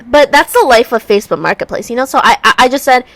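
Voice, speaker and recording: A woman's voice: a little high, animated, fast talker, fairly bright tone, no echo. A woman vlogging at home, chatting casually while she works on a puzzle, rambling through stories with a congested voice. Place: room at home by a heater.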